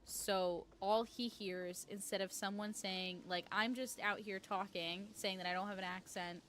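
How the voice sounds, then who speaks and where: A woman's voice: mid-range voice, steady tone, unhurried, a bit bright, a little hiss or hum. A woman from New York chatting casually with her audience while playing a game live, rambling and peppering her talk with "like". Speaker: streamer.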